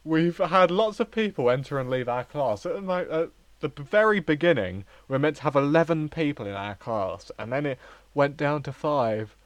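A man's voice: on the high side, lively intonation, moderate pace, few pauses, no echo. A young man co-hosting a podcast, chatting in a rambling way about his drama course. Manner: chatty, rambling with restarts and giggles. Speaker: podcast co-host, drama student. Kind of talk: casual chat.

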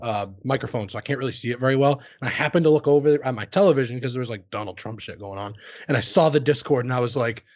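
A man's voice: medium pitch, fast talker, darkish tone, no room sound. A man hosting a podcast, telling rambling, self-deprecating stories in casual chat and swearing freely. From United States. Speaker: streamer and podcast host.

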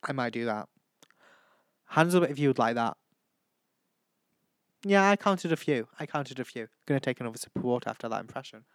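A man's voice: medium pitch, animated, fairly quick, long pauses, dry recording. A teenage young man hosting a casual chat, gushing and camp, who keeps breaking into impressions. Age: teens. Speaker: vlog host.

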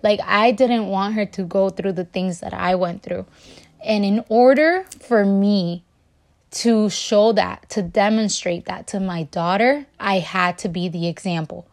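A woman's voice: medium pitch, unhurried, darkish tone. Earnest young mother telling her story. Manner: earnest and emotional, repeating herself and restarting often. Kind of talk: personal testimony vlog.

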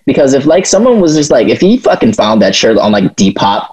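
Animated, husky-voiced young man ranting. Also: mid-range voice, fairly quick, poor audio. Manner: animated, swearing, stumbling restarts, laughs often. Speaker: podcast co-host. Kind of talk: casual chat.

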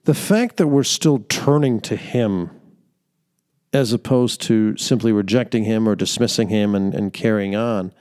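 A man's voice: fairly low pitch, unhurried, darkish tone, clean tone. A young man hosting a podcast, telling an earnest faith-based story with fillers and laughter. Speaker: podcast host. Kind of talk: faith-based reflective monologue.

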